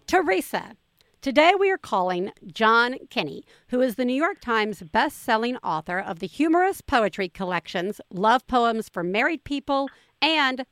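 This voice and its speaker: A woman's voice: a little high, a bit bright, no room sound, clean studio sound. A woman in her forties hosting a casual podcast chat, enthusiastic and laughing often. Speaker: podcast host.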